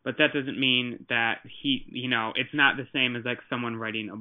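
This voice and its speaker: A man's voice: mid-range voice, fairly even intonation, normal speed. Man explaining over a tinny line. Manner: explains at length, many restarts. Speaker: podcast co-host. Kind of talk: casual chat.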